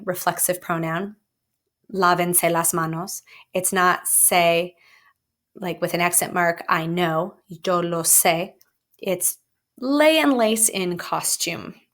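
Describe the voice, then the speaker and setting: A woman teacher explaining grammar in a recorded lesson, playful and jokey, with sudden lively jumps up in pitch. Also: takes it slowly. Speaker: Spanish teacher.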